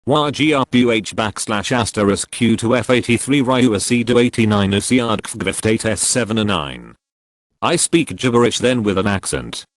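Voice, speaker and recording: A man's voice: fairly low pitch, lively intonation, moderate pace, dry recording. A man's voice, possibly computer-generated, reading online posts as a matter-of-fact narration and spelling out symbols and acronyms literally. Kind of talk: scripted narration.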